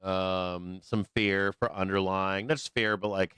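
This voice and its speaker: A hoarse man hosting a live trading show, giving loose, profane, rambling market commentary on a close microphone. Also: lowish voice, a little slow, few pauses, a bit bright, dry recording. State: hoarse, losing his voice.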